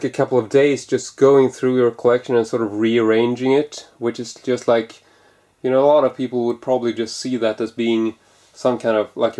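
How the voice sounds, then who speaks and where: A man's voice: medium pitch, warm tone. A man chatting casually in a vlog as a movie collector, rambling with lots of fillers and restarts, in an indoor room holding his collection. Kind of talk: casual chat.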